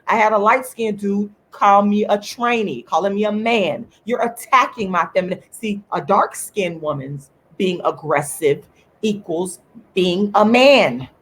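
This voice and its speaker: A woman hosts her own online show and delivers a fiery, repetitive monologue. Her voice sits at an ordinary middle pitch, and she keeps hammering her points home. Every so often she thanks viewers in the live chat. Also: moderate pace, fairly bright tone, slight background noise. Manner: emphatic, repetitive, preaching tone. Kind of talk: impassioned livestream monologue.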